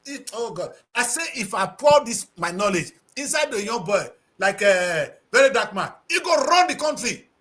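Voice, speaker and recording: A man's voice: high-pitched, expressive, normal speed, few pauses, fairly bright tone. A man with a Nigerian accent giving passionate, preachy talk-show commentary, slipping into Pidgin English.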